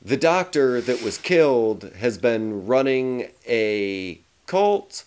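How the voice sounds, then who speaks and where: A man's voice: medium pitch, sing-song, slow pace, darkish tone, clear, resonant tone. A man talks through a film in casual podcast chat, his voice in the middle range for a man. He swears freely and stops often on ums and uhs while he hunts for words. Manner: profane, hesitant with fillers. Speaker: podcast co-host. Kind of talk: casual movie review chat.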